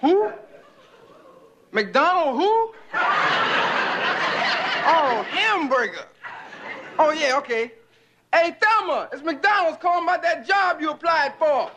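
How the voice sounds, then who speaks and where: A brash, wisecracking teenage boy who brags constantly, his voice sitting very high and bouncing around a lot. The sound comes from a noisy old television recording with a heavy hiss. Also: lively intonation, slow pace, pauses often, full character voice. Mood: boastful. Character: brash skinny teenage boy, boastful joker. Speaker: teenage son in a sitcom family.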